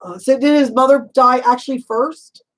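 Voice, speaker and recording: This is a low-quality recording of a high-pitched woman with fairly even intonation. A psychic medium, she gives a relaxed, talkative reading, laughing frequently, calling the listener honey, leaning on "you know," and asking fast, probing questions.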